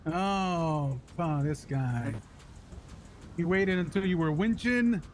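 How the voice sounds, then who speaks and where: A man playing a cocky role-play character with a slightly high voice. He banters with bold, joking bravado over a faint background hiss. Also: takes it slowly.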